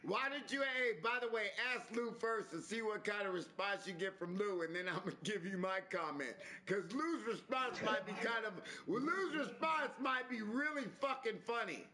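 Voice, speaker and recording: A man hosting a live stream, talking in a preachy, repetitive, animated way with some swearing. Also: high-pitched, moderate pace, hardly any pauses, crowd noise. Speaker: stream host. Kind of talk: casual live-stream chat.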